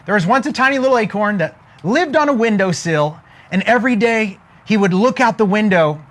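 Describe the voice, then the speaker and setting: A man's voice: sits high, lively intonation, brisk. A man giving a motivational talk to an online audience, speaking emphatically, checking in often with "okay?" and building stories to a punchline.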